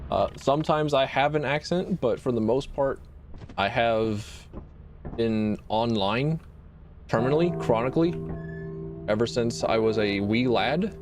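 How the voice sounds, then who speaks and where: A man's voice: mid-range voice, a little slow. A young man from the American South streaming a game, joking and swearing as he talks to himself and his chat. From Southern United States. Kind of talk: casual gaming stream commentary. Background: game music.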